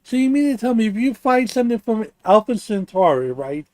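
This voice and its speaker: A man's voice: sits high, big pitch swings, a little fast, crowd noise. A man hosting a stream, bantering playfully and arguing his point in casual chat. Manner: playful, argumentative, talks while chewing. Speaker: stream host.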